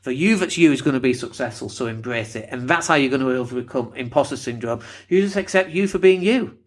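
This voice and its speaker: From northern England, a man with a slight lisp hosts a casual solo podcast in a medium-pitched, expressive voice, talking briskly. He's blunt and swears freely.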